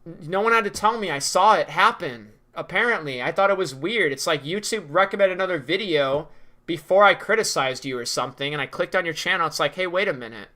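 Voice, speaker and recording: A man's voice: on the high side, animated, a little fast, sharp tone. A young man ranting in a commentary vlog, sarcastic, profane and mocking. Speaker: video creator.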